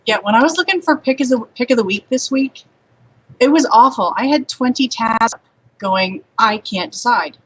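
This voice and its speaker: A woman chatting casually as a co-host on a live stream, easygoing and quick to laugh, heard through dull, lo-fi audio. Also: on the high side, fairly bright tone, slight background noise. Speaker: podcast co-host.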